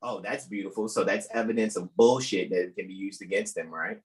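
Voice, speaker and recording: A man hosting a live talk stream, emphatic and profane, often bursting into loud, incredulous questions. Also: low-pitched, steady tone, brisk, rough recording. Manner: profane, keeps asking "right?". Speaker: host. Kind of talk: animated livestream talk.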